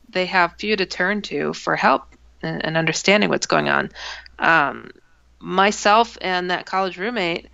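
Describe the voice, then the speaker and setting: Gravelly, bright-voiced woman telling a story. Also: on the low side. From Milwaukee, USA. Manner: animated, acts out dialogue in the story. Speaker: author and guest. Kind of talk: interview storytelling. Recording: dull lo-fi, dry.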